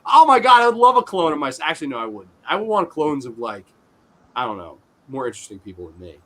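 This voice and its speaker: A man hosting a casual podcast, reviewing films in an animated style and swearing freely. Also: medium pitch, fast talker, slight background noise. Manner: animated, swearing, voices his own reactions. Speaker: podcast host. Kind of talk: casual movie review chat.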